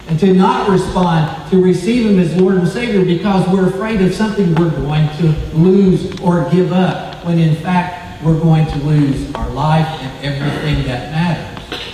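A man delivers a sermon in a high-pitched voice, swelling on key phrases and dropping low at the ends. He stumbles over a word now and then. The sound comes from far off in a booming, reverberant hall. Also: warm tone, a little hiss or hum. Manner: preaching with emphatic rises and drops, stumbles over words. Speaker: pastor.

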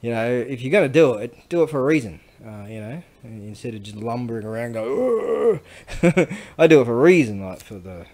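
A man's voice: mid-range voice, animated, fast talker, hardly any pauses, a little mellow. A man rambling casually to the camera while working with tools, crude and joking, with mumbled asides. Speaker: vlogger selling Japanese goods.

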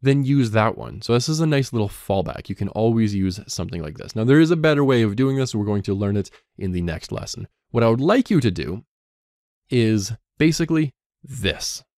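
A man's voice: fairly quick, no echo, clean studio sound. A man teaching a coding lesson, explaining step by step and reading code aloud as he types. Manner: lively ups and downs in pitch. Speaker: coding instructor.

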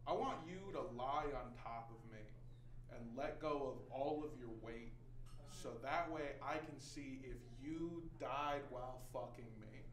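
A man's voice: fairly high pitch, roomy sound, recorded from a distance. An actor playing a brash, profane stand-up comic who bluntly pushes his brother around. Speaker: stand-up comedian. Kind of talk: scripted comedy drama acting.

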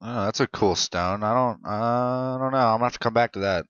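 A young man hosting a gaming channel, giving casual commentary while he plays and cursing back at the characters in an excitable way. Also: mid-range voice, a little fast, smooth, no room sound, dull audio. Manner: excitable, profane, talks back to the game characters.

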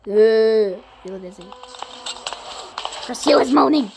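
A young woman commenting as she plays a horror game, jumpy and swearing, with sudden high shrieks when startled. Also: expressive, unhurried. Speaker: gamer playing a horror game. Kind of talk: let's play commentary. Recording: loud background noise, mic clicks.

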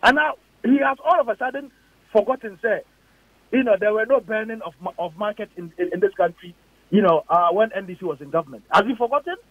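A man's voice: high voice, quick pace, no room sound. A man with a Ghanaian accent, a politician on a radio interview, firing off emphatic, indignant rhetorical questions. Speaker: politician guest. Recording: dull lo-fi radio audio.

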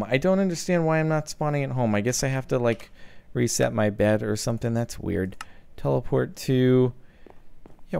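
A young man giving jokey, excitable let's-play commentary, breaking into yelps and sing-song chants. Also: mid-range voice, vocal fry, clean tone, dry recording. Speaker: gaming YouTuber.

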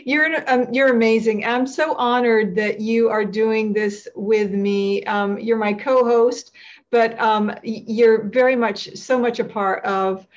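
A woman host of an interview show, effusive and gushing, often stumbling and restarting her words. Her voice sits a touch higher than usual. The recording sounds slightly dull and lo-fi. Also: fairly even intonation, unhurried. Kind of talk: interview hosting.

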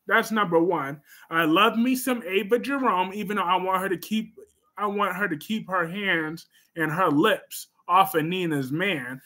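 A man with a voice that sits high hosts a casual livestream at a measured pace. He reads viewer comments in a sassy, emphatic way, breaking into sudden loud bursts.

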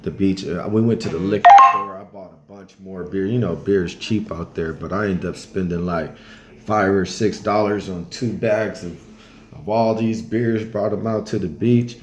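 A man casually telling travel stories in a loose, colloquial way, now and then acting out other people in high voices. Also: fairly even intonation, moderate pace, slight background noise. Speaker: travel storyteller. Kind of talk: casual storytelling.

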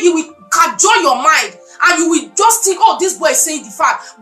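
A Nigerian woman hosts a show with a high, bright, very lively voice, scolding indignantly in a mix of Pidgin and English. The recording sounds echoey, as if made in a bare room. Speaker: host. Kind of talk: heated commentary on a talk show.

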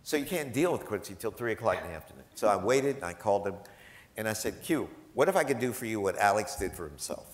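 Male professor, gala storyteller, slightly low voice, animated and self-mocking, echoey hall sound. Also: quick pace. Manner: animated, self-deprecating, laughs often. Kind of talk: storytelling anecdotes to a live audience. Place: large event hall.

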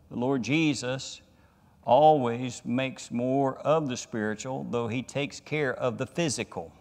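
A man, a pastor, teaching a Bible study sermon, reading scripture deliberately and rising in emphasis on key words. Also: medium pitch, in a large hall. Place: church sanctuary.

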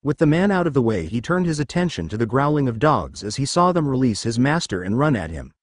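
A man's voice: medium pitch, very animated, brisk, no echo, studio quality. A man reading a fanfiction story aloud as narrator.

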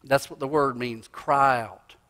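A male pastor preaching a sermon in a church, swinging from loud cries to hushed asides. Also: medium pitch, steady tone, a little slow. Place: church sanctuary. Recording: long reverb of a church hall.

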